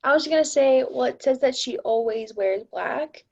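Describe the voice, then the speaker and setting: A woman acting student thinking aloud in a class discussion, halting with fillers, over muffled audio. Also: sits high, vocal fry.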